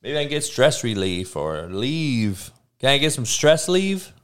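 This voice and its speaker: A middle-aged man rants with blunt sarcasm and constant profanity. His pitch swings widely, but he takes his time, stumbling over repeated words before pushing on. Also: big pitch swings, unhurried, fairly bright tone, clear, resonant tone. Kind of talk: profane rant.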